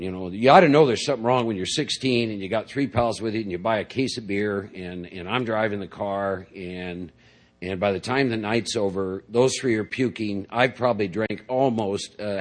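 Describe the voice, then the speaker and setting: This is a personal recovery talk given by a middle-aged man to a big audience. He rambles through his story, leaning on "you know" and "see?" often, in a fairly low voice at a moderate pace.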